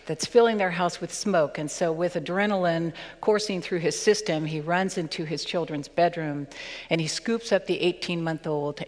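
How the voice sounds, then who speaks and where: A woman pastor reading scripture and preaching a sermon in a measured, earnest way, slowing down for emphasis. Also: deep voice, big-room sound.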